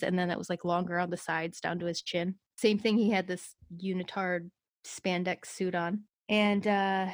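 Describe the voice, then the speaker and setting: A woman's voice: mid-range voice, no echo. A woman telling a personal story as an interview guest, recounting it earnestly and in close detail.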